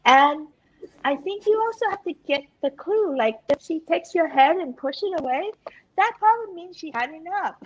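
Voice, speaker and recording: A woman co-hosting a frank casual chat, laughing often and talking in animated bursts with repeated words. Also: extremely high pitch, moderate pace, slight background noise, poor audio. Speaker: co-host.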